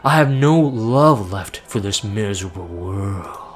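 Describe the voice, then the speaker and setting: A man voicing a cold, weary young male traitor mage in a flat, solemn way. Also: fairly low pitch, slow pace, faint music behind. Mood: grim.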